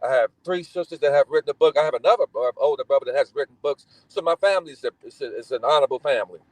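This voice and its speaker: A middle-aged man from Indiana tells family stories in a relaxed, casual way. His voice sits a little high and stays lively, slipping into the voices of people he describes. The recording is close and dry. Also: very fast, no room sound, rough recording. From Gary, Indiana, United States. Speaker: guest. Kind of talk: casual storytelling.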